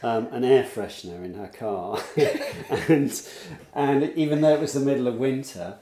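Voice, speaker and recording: A man's voice: medium pitch, moderate pace, dark tone. A man telling a meandering story in casual chat, with many restarts. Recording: roomy echo.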